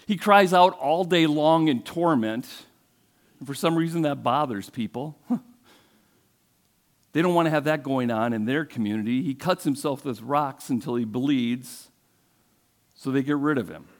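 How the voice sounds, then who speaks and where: A man's voice: medium pitch, unhurried, pauses often. A male pastor preaching a sermon, retelling a story in a conversational way and asking the congregation questions.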